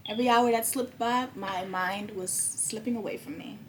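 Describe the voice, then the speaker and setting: Animated young woman telling a story. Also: medium pitch, moderate pace, a little hiss or hum. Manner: animated, swears freely, acts out quoted dialogue. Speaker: podcast host. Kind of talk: casual storytelling chat.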